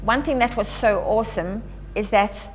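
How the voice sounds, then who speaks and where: A woman gives a prepared address in an earnest, upbeat storytelling manner. Her voice sits in a middle pitch. A long reverb from a large hall trails her words. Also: normal speed, a little hiss or hum. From South Africa. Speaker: Australia Day ambassador.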